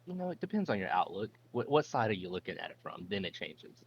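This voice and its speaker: A deep-voiced man talks through his moves in a tabletop game, eager and rambling. His voice comes through a dull, lo-fi mic with a faint hum behind it. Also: sing-song, fast. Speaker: player. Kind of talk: tabletop role-play.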